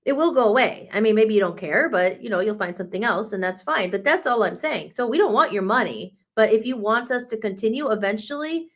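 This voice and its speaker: A woman's voice: fairly high pitch, expressive, a little fast, few pauses, fairly bright tone. A woman co-hosting a live talk radio show, speaking with emphatic, sarcastic, profane frustration. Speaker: radio co-host. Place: radio studio.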